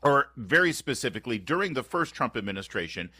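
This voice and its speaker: A man in his fifties hosting a radio talk show, chatting in an animated, opinionated and sarcastic way, often restarting his sentences. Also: mid-range voice, quick pace, husky, no echo, studio quality. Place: radio studio. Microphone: close studio microphone.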